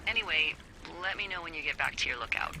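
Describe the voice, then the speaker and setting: A woman's voice: deep voice, animated, quick pace, crowd noise, rough recording. A woman playing a wry, sarcastic fire lookout supervisor who talks over the radio in a video game. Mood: teasing. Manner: teasing, sarcastic, dry. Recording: game audio with background noise.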